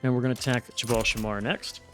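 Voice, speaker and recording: A man's voice: medium pitch, flat delivery, fast, music in the background. A man giving casual let's-play commentary on a strategy game, thinking aloud and often restarting or trailing off. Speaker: gameplay streamer.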